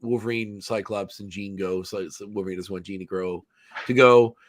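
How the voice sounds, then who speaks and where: A man's voice: on the low side, steady tone, normal speed, no room sound, studio quality. A man hosting a podcast in casual chat, rambling with fillers and frequent laughs. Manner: rambling, many fillers and restarts, laughs often. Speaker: podcast host. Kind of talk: casual chat recapping a cartoon episode.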